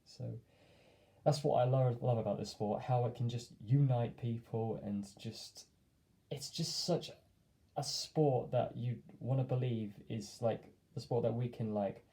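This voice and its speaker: An English vlogger speaks to camera at a measured pace, his medium-pitched voice dark in tone on a rough recording. He rambles through a casual story full of fillers, hedges and friendly asides, then signs off warmly.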